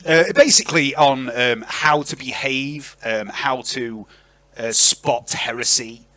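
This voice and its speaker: A man narrating as game master of a tabletop game, chatty and lively, on an online voice call. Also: mid-range voice, slow pace. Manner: lively, chatty, filler-heavy.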